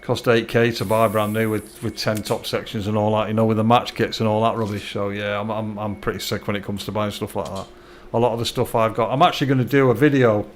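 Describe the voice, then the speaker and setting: A man's voice: lowish voice, flat delivery, fast, slight background noise. A middle-aged man, chatting casually to viewers while live-streaming a game, friendly and stumbling over his words.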